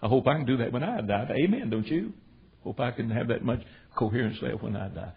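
A man's voice: medium pitch, lively intonation, a little fast, vocal fry, breathy edge, narrow, tinny audio. A middle-aged man preaching a storytelling sermon, retelling stories in a folksy, emphatic way and teaching from the Bible.

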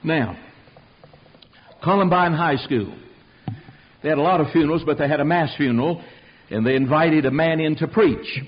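A man's voice: fairly high pitch, moderate pace, long pauses, dull audio. A man preaching a fiery sermon, emphatic and rhetorical, calling out questions to his congregation.

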